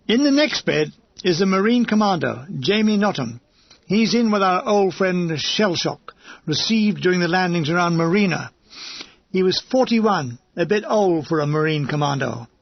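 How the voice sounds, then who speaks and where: A man's voice: high-pitched, expressive, normal speed, creaky, no room sound, highs cut off. A man reading a comic war memoir aloud as an audiobook narrator, with a wry, dryly comic delivery.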